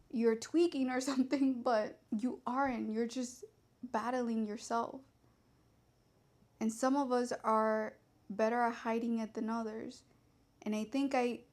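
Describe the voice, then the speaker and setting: A woman's voice: on the high side, darkish tone. A young woman talking candidly and at length to camera in a confessional vlog, rambling and swearing freely. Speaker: vlogger. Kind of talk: personal confessional talk.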